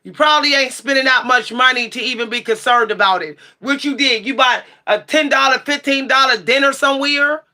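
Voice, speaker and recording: Sassy woman streamer ranting at her chat, high bright voice, cussing and yelling sometimes. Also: brisk, hardly any pauses. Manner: sassy, blunt, profane, shouts at times. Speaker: livestream tarot channel host. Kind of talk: heated livestream rant answering chat.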